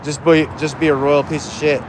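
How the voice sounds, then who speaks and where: A man's voice: a little high, flat delivery, brisk, noisy background. A man hosting a casual livestream outdoors beside his smoker, chatting bluntly with viewers and swearing freely. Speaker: livestream host.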